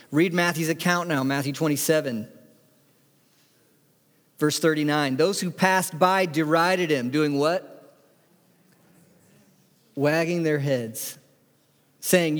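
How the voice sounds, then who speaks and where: A man's voice: on the high side, steady tone, slow, long pauses, in a large hall. A man preaching a sermon, reading scripture aloud with emphatic delivery. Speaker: pastor.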